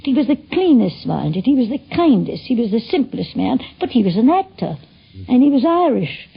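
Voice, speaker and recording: Older woman, gravelly rasp, chatty recollection; dull 1950s broadcast sound. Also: fairly high pitch, sing-song, moderate pace. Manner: gravelly, husky, chatty with asides. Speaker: interviewee reminiscing. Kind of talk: spoken recollection. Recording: lo-fi 1950s radio recording.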